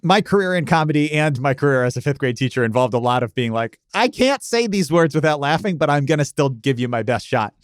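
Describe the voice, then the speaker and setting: In clean studio sound with no room echo, a medium-pitched American man hosts a podcast interview. He's chatty and self-deprecating and frequently starts his sentences over.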